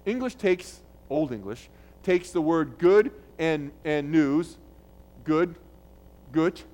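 A man preaching a sermon in a conversational way, restarting phrases and getting loud when he quotes scripture. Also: a little high, expressive, slow pace. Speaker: pastor.

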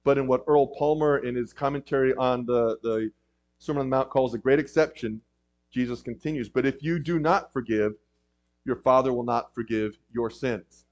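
A man's voice: medium pitch, normal speed, a little mellow. A man preaching a sermon in a conversational way, with frequent ums and emphatic rises. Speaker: pastor. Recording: dull lo-fi recording.

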